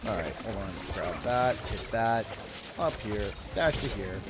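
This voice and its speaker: A man's voice: on the low side, measured pace, loud music behind the voice. A young Canadian man giving casual, jokey livestream commentary while he plays, talking to his chat. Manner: excitable, jokey, talks to chat. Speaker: streamer.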